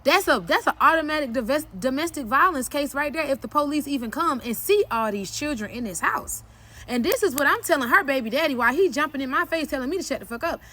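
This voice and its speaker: A woman's voice: high voice, fast, a little hiss or hum. A woman telling a personal story in a candid vlog, blunt and profane, leaping up sharply whenever she quotes herself. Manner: blunt, profane and emphatic, often cursing; animated retelling with sharp jumps when quoting herself.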